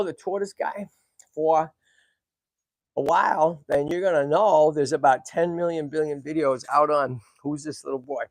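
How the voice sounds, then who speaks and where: This livestream host is a middle-aged man with a fairly high, gravelly voice, recorded with no room sound. Chatting casually and with feeling, he talks straight to viewers and animals alike, often stopping and starting over.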